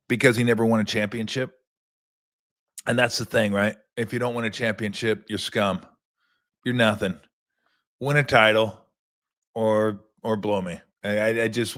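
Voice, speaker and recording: A man's voice: on the low side, a bit bright. An older man hosting a sports talk show, rambling in a casual monologue with profane, sarcastic asides.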